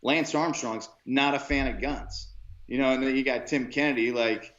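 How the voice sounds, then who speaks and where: A man's voice: mid-range voice, steady tone, normal speed, fairly bright tone. Man, podcast co-host, casual rambling chat, roomy echo, muffled lo-fi sound. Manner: rambling, many fillers and restarts.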